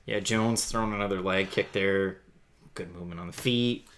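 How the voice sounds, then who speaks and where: A man co-hosting a live fight watch-along, giving steady play-by-play and speaking to the viewers. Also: sits low, normal speed, a little hiss or hum. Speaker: co-host.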